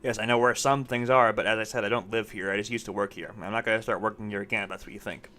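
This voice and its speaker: A man's voice: fairly low pitch, fairly even intonation, sharp tone. A man reading as a huffy cafeteria manager. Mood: defensive. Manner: huffy, quick to argue. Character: irritable male cafeteria manager, defensive.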